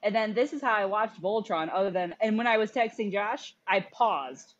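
A woman co-hosting a podcast in casual chat, blunt, animated and opinionated. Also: medium pitch, normal speed, muffled recording. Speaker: podcast co-host.

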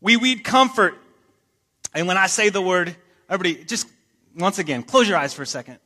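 A man's voice: high voice, expressive, a little fast, bright, forceful tone, long reverb tail. A man preaching a sermon, talking in a casual way with joking asides and reading scripture with emphasis. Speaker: pastor. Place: church sanctuary.

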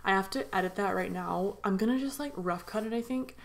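A tired young woman vlogger in a casual voiceover, rambling excitedly with lots of fillers. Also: medium pitch, fairly quick, gravelly. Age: young adult. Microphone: voiceover mic.

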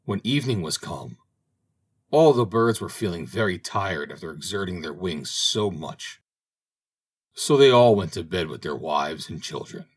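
A man reading a fairy tale aloud as an audiobook narrator, in an expressive, dramatic way. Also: deep voice, unhurried, slightly rough. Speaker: audiobook reader. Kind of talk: storybook narration.

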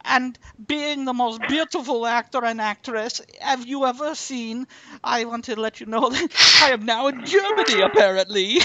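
A man's voice: medium pitch, very animated, normal speed, creaky, sharp tone, breathy edge, dry recording, heavily acted, low-quality recording. A man improvising a flamboyant, vain actor with a put-on Spanish-style accent, giving a rambling acceptance speech and calling everyone darling. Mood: grandiose.

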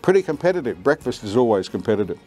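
An older Australian man, a veteran radio announcer and voiceover artist, recalls his career with lively storytelling and acts out quoted lines. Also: medium pitch, fast talker, husky, soft background music. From Queensland, Australia.

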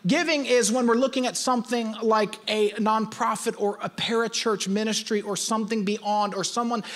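A man's voice: sits high, steady tone, normal speed, fairly bright tone. A male pastor preaching, emphatic and teaching, repeating his key points. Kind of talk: sermon.

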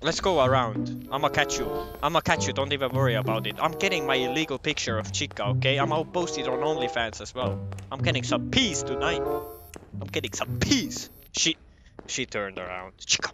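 A man's voice: mid-range voice, expressive, a little fast, over loud music. A young man doing casual commentary on a horror game, joking and swearing as he talks to the game characters. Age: young adult. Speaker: gameplay commentator.

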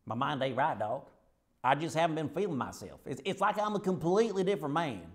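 A man's voice: a little high, very animated, a little fast. An actor playing a Lebanese man who suddenly talks with a folksy American Southern drawl, bewildered at himself. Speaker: patient. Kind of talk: comedy sketch acting.

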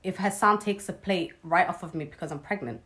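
A woman's voice: fairly low pitch, a little fast, fairly bright tone. A young woman telling a personal story in a casual vlog, blunt, sarcastic and swearing freely. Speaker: vlogger.

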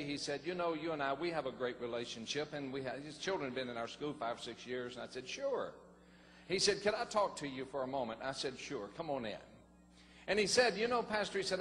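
Folksy pastor in a hall. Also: male voice, medium pitch, a little fast. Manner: folksy storytelling, animated. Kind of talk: sermon testimony. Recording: long hall reverb, faint noise.

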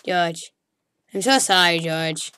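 A woman giving casual, excitable commentary while playing a game, chattering at the creatures on screen and calling out to them. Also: on the low side, slow pace, smooth. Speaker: gaming channel host.

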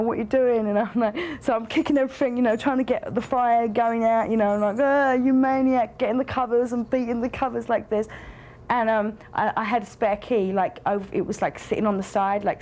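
A woman's voice: fairly high pitch, a little mellow, slight background noise, lightly acted. An actress playing a frank woman telling a long story in a rambling way, full of fillers and swearing. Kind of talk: casual rambling anecdote.

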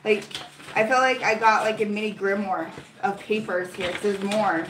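A young adult woman vlogger chatting casually through an unboxing, gushing and excitable, with lots of 'like' fillers. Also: mid-range voice, normal speed, background noise. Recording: roomy echo with faint music.

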